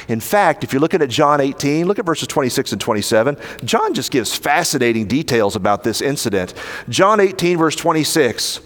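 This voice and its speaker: A man with a Southern American accent preaching a sermon, retelling the story dramatically and acting out the quoted lines. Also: medium pitch. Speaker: pastor. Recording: hall reverb.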